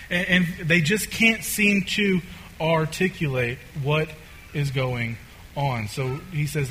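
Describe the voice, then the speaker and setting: A man's voice: fairly high pitch, fairly even intonation, slow pace, pushed and bright, a little hiss or hum, rough recording. A man preaching a sermon in a casual, conversational way, with many fillers and restarts.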